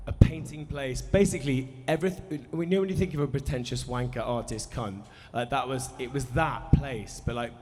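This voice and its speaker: At a festival cinema hall, a musician in his thirties introduces a film screening with a rambling, self-deprecating, sweary story. His voice is mid-range and darkish, and he sounds nervous, his mouth dry. Live hall reverb and faint crowd ambience fill the recording.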